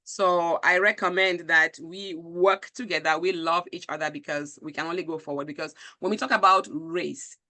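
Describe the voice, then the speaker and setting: Woman, Nigerian accent, show host, passionate, reads viewer comments, bright forceful voice. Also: on the low side, fairly even intonation, normal speed, few pauses. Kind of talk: live-stream conversation.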